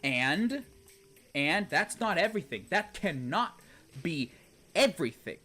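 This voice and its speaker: A man's voice: on the high side, very animated, a little slow. Exasperated young man narrating his gameplay. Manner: exasperated, talks to himself, swings from muttering to loud outbursts. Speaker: gaming streamer. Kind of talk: let's play commentary.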